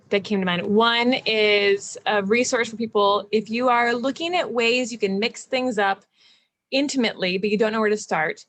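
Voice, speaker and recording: A woman hosting a video interview, speaking candidly in a loose, animated way and laughing often. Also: mid-range voice, no echo. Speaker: podcast host and relationship coach. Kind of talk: casual video interview chat.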